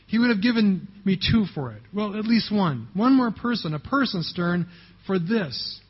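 A man reading out a remorseful wartime businessman's anguished lines, in a husky voice, on a dull lo-fi recording. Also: sits high, expressive, moderate pace, in a large hall, pitched above the performer's own voice. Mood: anguished regret.

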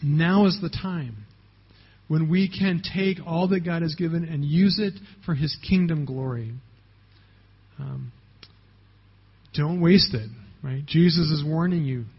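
A man's voice: on the high side, measured pace, husky. A man preaching a sermon as pastor, talking conversationally and often checking in with the congregation, on a dull lo-fi recording.

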